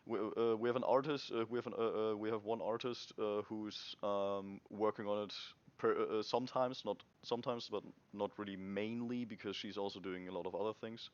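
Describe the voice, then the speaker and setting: Young guy, low-ish voice, lots of um and restarts, dry muffled mic. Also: fairly even intonation, smooth. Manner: halting, many restarts and fillers. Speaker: indie game developer. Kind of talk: casual devlog chat.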